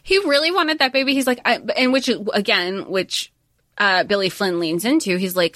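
A woman's voice: medium pitch, normal speed, dry recording, studio quality. A woman co-hosting a podcast, chatting casually and animatedly about a film and acting out its lines. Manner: animated, acts out film lines in quoted voices. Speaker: podcast co-host. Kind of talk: casual chat.

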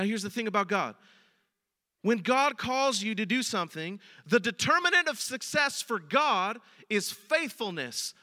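Man, pastor, sermon, very high voice, sharp bright tone, long hall reverb. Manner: conversational preaching, addresses the congregation directly.

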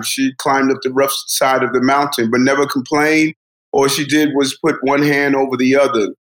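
A man's voice: medium pitch, fairly bright tone, low-quality recording. Earnest motivational New man. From Brooklyn, New York. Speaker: guest. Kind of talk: podcast interview, storytelling.

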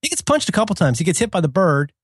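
A middle-aged man chatting as a podcast co-host, playful and animated, slipping into goofy bits. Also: high voice, rapid-fire, breathy edge, dry recording, clean studio sound. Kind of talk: casual chat.

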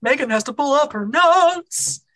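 Bright slightly high woman player. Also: lively intonation, unhurried.

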